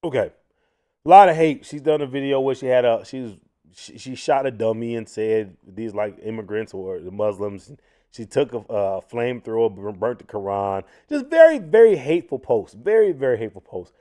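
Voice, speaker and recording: Speaking at an ordinary pace in a mid-range voice, a male livestream host delivers casual commentary with plenty of energy. He addresses viewers directly as "y'all" and often starts his sentences over.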